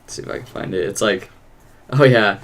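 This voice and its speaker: A man's voice: fairly low pitch, fairly quick. A man co-hosting a casual gaming podcast, easygoing and greeting chat viewers. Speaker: podcast co-host. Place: home streaming setup.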